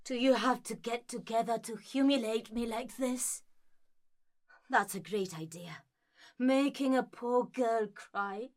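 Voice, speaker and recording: A woman's voice: on the high side, slow. A woman playing Helena, a hurt young woman who speaks reproachfully and sarcastically, in an amateur stage-play reading.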